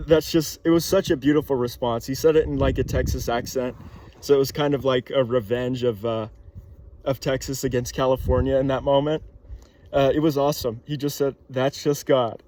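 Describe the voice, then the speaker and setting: A young man thinking aloud in a casual monologue, pausing with fillers and restarting sentences often. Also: medium pitch, darkish tone.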